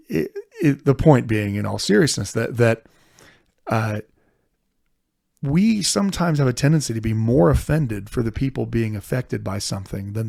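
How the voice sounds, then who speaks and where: A middle-aged man, a podcast co-host, talking through history in an earnest, animated way. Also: medium pitch, creaky, no room sound, clean studio sound. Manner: earnest, animated, frequent restarts. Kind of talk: casual history discussion.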